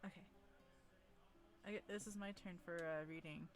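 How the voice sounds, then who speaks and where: A woman with a lowish voice and fairly even intonation hosts a group fanfic reading on a casual livestream at normal speed. She laughs a lot between lines, is self-deprecating, and trips over and restarts her words.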